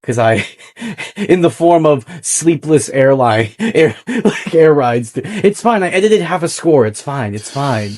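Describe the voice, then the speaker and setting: A man with a slightly high voice chats casually as a podcast co-host. He rambles, throws in joking asides, and laughs easily. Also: very animated, takes it slowly, hardly any pauses, a little mellow. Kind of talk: casual recap chat.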